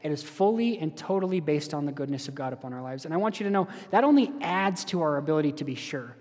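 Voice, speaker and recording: A man's voice: a little high, lively intonation, fast talker, darkish tone. A man preaching an earnest, conversational sermon as pastor of a church. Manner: earnest, conversational with direct questions to listeners. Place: church hall. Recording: echoey hall.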